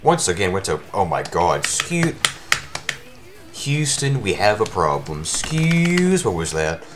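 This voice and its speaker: A man giving live commentary over his own speedrun, his voice worn from shouting, talking at the game in exasperated outbursts. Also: sits low, sing-song, takes it slowly, music in the background.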